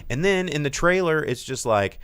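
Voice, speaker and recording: A man co-hosting a movie podcast, talking casually and animatedly, cursing freely and slipping into quick impressions of people. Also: fairly high pitch, smooth, no echo, studio quality. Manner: animated, swearing, mimics people in quoted voices. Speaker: podcast co-host.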